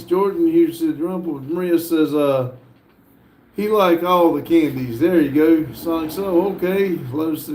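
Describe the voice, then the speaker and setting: A man hosting a casual livestream, reading viewer messages aloud in an unhurried way, with frequent fillers and chuckles. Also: fairly high pitch, warm tone, echoey room. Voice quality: laid-back, chuckles often between messages. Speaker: livestream host.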